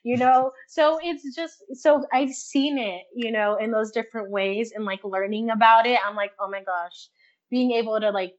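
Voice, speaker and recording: A young woman in casual interview chat, talking fast and loosely, laughing often and acting out her own thoughts. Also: a little high, highs cut off. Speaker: guest.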